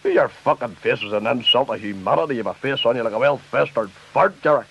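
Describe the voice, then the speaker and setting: A man plays a bellowing old preacher-politician with a Northern Irish accent, cursing and threatening in a comedy sketch. The voice is gravelly and rough. It sounds like a dull lo-fi record with a faint hiss behind it. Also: mid-range voice, a little fast, close to an everyday voice. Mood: abusive. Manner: ranting, menacing, sweary.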